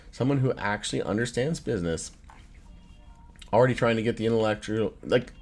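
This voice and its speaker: A man in his thirties hosting a casual live stream, reading chat aloud in a loose, profane way and laughing often. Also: mid-range voice. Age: 30s. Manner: loose, profane, laughs often, swings between joking and irritated. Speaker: livestream host reading chat.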